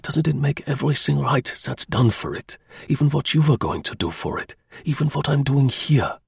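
A man voicing a cool, daring male British spy who talks low and earnestly. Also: expressive, normal speed, creaky, breathy edge, no echo, clean studio sound, exaggerated voice.

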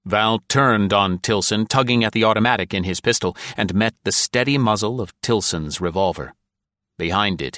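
Deep-voiced male audiobook narrator. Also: fairly bright tone, no room sound, clean studio sound. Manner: measured, dramatic reading. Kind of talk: scripted narration.

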